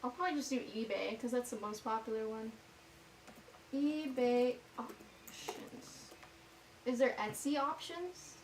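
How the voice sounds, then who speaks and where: A woman vlogger chatting casually to herself as she paints, rambling and self-mocking as she thinks out loud. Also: fairly high pitch, measured pace, pauses often, slight background noise, rough recording.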